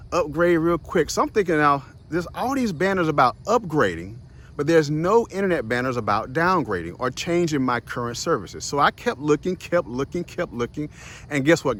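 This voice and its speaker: A man's voice: medium pitch, a little hiss or hum. Chatty young man telling a story. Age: young adult. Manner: animated, chatty, addresses viewers directly as "y'all" and "guys"; laughs often and acts out voices in his story. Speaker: host of a short motivational video series. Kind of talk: casual storytelling monologue.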